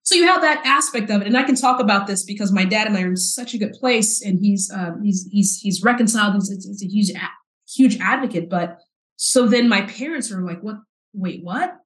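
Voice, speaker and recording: A woman in her forties from South Texas, a podcast guest telling her personal story in an earnest, halting way with repeated words. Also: medium pitch, fairly bright tone. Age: 40s. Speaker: podcast guest, nonprofit CEO. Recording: roomy echo.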